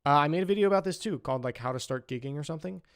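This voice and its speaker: A man's voice: fairly high pitch, animated, very fast, smooth. Young man, saxophonist streamer, casual chat, rambling filler words. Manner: rambling, full of "like" and "um".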